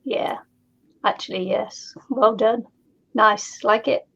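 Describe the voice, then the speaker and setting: A woman's voice: on the high side, slow pace, a bit bright, muffled recording. A woman guest chatting playfully on a craft stream call. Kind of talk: casual chat on a call.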